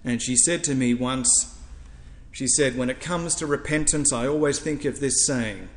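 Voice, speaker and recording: A man's voice: mid-range voice, normal speed, in a large hall. A male priest preaching a sermon, building his points through rhetorical lists and repetition.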